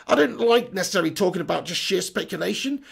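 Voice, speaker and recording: Young male host, hoarse and raspy, matey and blunt, a higher voice with fry. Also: expressive, fast talker. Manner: chatty, matey shout-outs, blunt opinions. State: hoarse, voice going. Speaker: football channel host. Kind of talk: casual live-stream chat, reading viewer comments.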